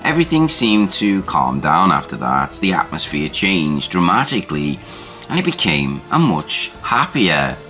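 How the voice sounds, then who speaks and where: A man reads a first-person haunting tale in deliberate, unhurried scripted narration. His voice sits very low yet carries a bright, forceful edge. Soft music plays faintly underneath.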